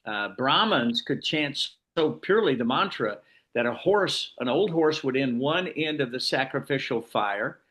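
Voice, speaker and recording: A man's voice: mid-range voice, animated, a little slow, a bit bright. Man, class leader, rambling, explanatory, informal discussion group. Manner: rambling, explanatory, frequent restarts.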